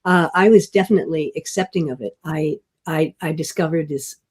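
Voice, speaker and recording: An older actress telling stories in an interview, gentle and self-deprecating, often restarting and laughing softly. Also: female voice, low-pitched, fairly quick, slightly rough. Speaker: guest actress. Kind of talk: casual interview storytelling.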